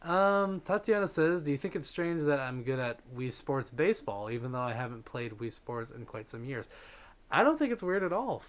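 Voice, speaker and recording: A man chats easily on his livestream, reading out viewer messages and thanking donors along the way. He talks with a relaxed stream of ums and likes, at a middle pitch. The feel is loose and unscripted. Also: moderate pace. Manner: chatty, thanks donors, many fillers. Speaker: livestream host. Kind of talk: casual chat with viewers.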